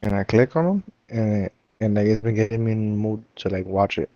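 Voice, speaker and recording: A man's voice: lowish voice, fairly quick, mellow, no echo. A young man in casual chat, rambling and slangy, often laughing through his stories. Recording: dull, dry sound.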